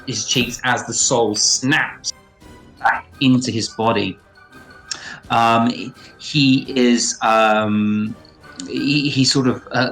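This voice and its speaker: A man narrating as game master of a tabletop game, halting with many fillers and restarts. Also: medium pitch, a bit bright, rough recording. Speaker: dungeon master. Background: faint background music.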